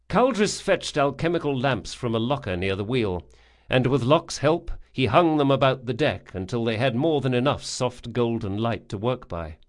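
Male audiobook narrator, mid pitch, expressive and varied delivery. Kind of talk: scripted narration.

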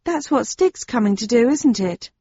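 A woman reading the part of a wary, sarcastic husband who speaks in a cool, measured and threatening way. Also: a little high, expressive, dark tone, lo-fi sound, slight background noise. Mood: coldly threatening. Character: dry, wary middle-aged male husband, sarcastic.

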